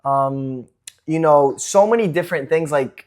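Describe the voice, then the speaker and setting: A man's voice: fairly high pitch, a little slow, darkish tone. A young man who grew up in Mexico, hosting a casual podcast chat, chatty and full of fillers, laughing easily. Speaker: podcast host.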